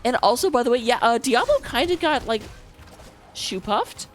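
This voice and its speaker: A woman calls a live esports match in a chatty, self-mocking way, her voice a touch higher than most. Faint music plays beneath her commentary. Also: expressive, normal speed. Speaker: esports caster.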